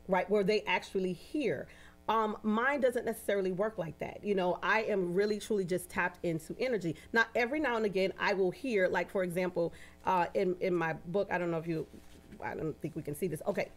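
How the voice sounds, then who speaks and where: A woman who works as a medium, a guest in a casual interview, telling animated anecdotes and acting out the voices of the people in them. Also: medium pitch. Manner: animated, acts out quoted dialogue in anecdotes; often adds "you know" and "right?".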